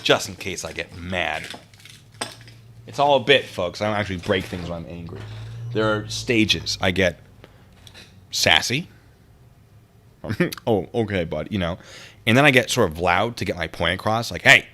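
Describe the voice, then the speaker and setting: A man with a fairly low voice talks casually to his livestream audience. He rambles, catches himself mid-sentence and drifts off to read comments aloud, then picks the thread back up. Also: lively intonation, measured pace, long pauses, bright, forceful tone. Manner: rambling, easily distracted, reads chat aloud.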